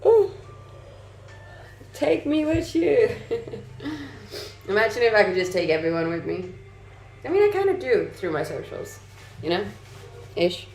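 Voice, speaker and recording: Chatty Danish woman with a gravelly edge. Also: a little high, sing-song, measured pace, long pauses, darkish tone. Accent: mixed Danish and Australian-tinged English. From Denmark. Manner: chatty, laughs often, answers chat messages. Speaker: livestreamer reading chat. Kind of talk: casual live stream chat. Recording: echoey room, faint noise.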